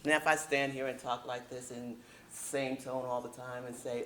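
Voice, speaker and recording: Emphatic woman with a bright voice. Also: rumbling low, flat delivery, a little hiss or hum. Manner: casual, emphatic, slows down for key points. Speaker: workshop speaker. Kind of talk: teaching a speaking workshop.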